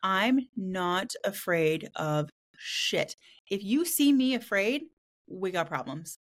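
Casual podcast host, woman in her thirties, mid pitch, blunt and profane storyteller. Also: lively intonation, takes it slowly. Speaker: podcast host and spiritual practitioner.

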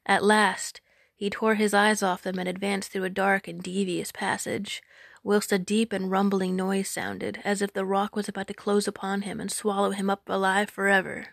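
A woman narrates an old folk tale at an even, measured pace, leaning into its drama. Her mid-pitched voice carries a gravelly fry at the ends of phrases. It sounds close and dry, with no room echo. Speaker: storyteller. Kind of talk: storybook narration.

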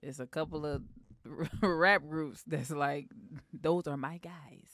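Female podcast co-host, bright tone, quick reactive banter, dry close sound. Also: low voice, fairly even intonation, no echo. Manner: laughs easily, quick reactive asides. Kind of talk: casual sports chat.

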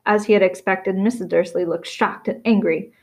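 A woman reading a novel aloud in steady storytelling, with small slips and restarts. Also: mid-range voice, normal speed. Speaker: reader.

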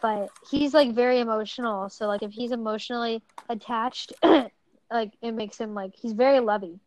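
A young woman co-hosting a casual chat, soft-spoken, often trailing off and filling gaps with "like.". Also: a little high, normal speed, poor audio. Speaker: podcast co-host.

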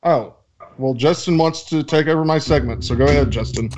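A man's voice: on the high side, fairly quick, darkish tone. A man co-hosting a casual podcast, reading listener questions aloud with joking, profane asides. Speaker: podcast co-host reading mailbag. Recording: dull lo-fi audio.

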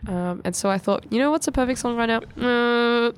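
A woman's voice: on the high side, fairly quick, slight background noise. A woman co-hosting a student radio show, leading segues in an upbeat, chatty way. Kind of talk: casual radio banter.

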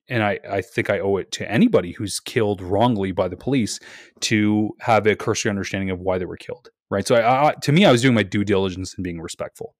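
A young man co-hosting a podcast tells a story animatedly in a fairly low voice, swearing freely, hedging and restarting. The casual chat has clean studio sound with no echo.

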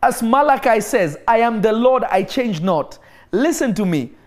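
In a very high-pitched, expressive voice at a measured pace, a man delivers a sermon to people watching online. He shares a healing story, drives his points home with emphatic repetition, and occasionally prays in tongues.

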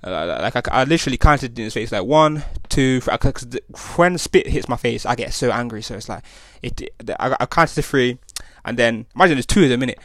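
A man's voice: mid-range voice, animated, fairly quick, few pauses, fairly bright tone, dry recording, studio quality. A young man, hosting a podcast and telling a rambling story in slang, full of restarts and tag questions. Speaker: podcast host. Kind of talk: casual storytelling monologue.

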